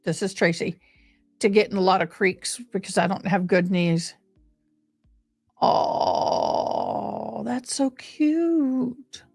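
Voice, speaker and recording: A woman chatting casually and affectionately as she hosts a live stream fundraiser, gushing over details while showing a game. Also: medium pitch.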